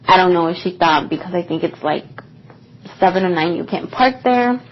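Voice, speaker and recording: A woman's voice: on the low side, lively intonation, moderate pace, slight background noise. A young woman co-hosting a podcast, telling a personal story in a casual, rambling way with lots of fillers. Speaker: podcast co-host. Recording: dull lo-fi podcast recording.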